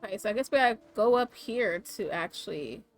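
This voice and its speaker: A woman gaming streamer chatting while she plays, her voice slightly raspy and tired after a long stream, cheeky as she reacts to the game. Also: medium pitch, expressive, brisk. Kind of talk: casual gameplay commentary. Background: game music.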